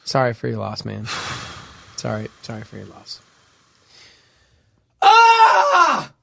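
A man's voice: on the low side, level tone, normal speed, vocal fry, a bit bright, slight background noise. A man co-hosting a morning radio show, joking and reading out listener texts in casual banter. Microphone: studio microphone.

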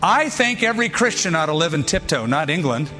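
A pastor delivering a sermon in short, emphatic, punchy lines. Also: male voice, on the high side, sing-song, fairly quick, pushed and bright, long reverb tail, faint music behind.

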